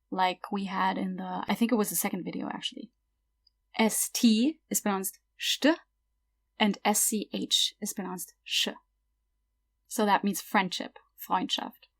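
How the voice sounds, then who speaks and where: Woman, language teacher, mid pitch, patient tutorial delivery, slow deliberate example words, soft trailing phrase ends. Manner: slow careful word-by-word example pronunciation. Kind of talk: explanatory tutorial.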